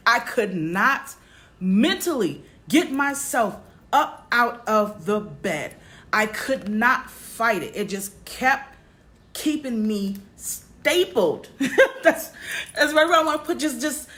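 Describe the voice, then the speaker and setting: A woman vlogger telling a personal story straight to her viewers, halting often and repeating herself. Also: on the high side, a bit bright. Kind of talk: candid personal storytelling to camera.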